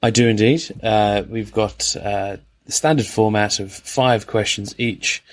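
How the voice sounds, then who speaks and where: A man joining a podcast as a guest quizmaster, making quick, jokey asides. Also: lowish voice, fairly even intonation. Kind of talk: casual chat, quiz hosting.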